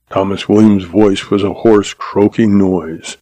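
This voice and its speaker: Deep-ish gravelly guy reading a western story, dry close mic. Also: steady tone, measured pace, few pauses, mellow, no room sound, low-quality recording. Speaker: audiobook narrator. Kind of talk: scripted narration.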